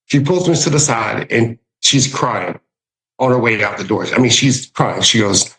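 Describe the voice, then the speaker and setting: A man with a Southern US accent telling lively stories about hosting guests, often acting out what people said. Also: mid-range voice, normal speed, gravelly, poor audio. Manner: animated, acts out voices in his stories. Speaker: guest, winery hospitality director. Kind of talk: storytelling in casual podcast chat.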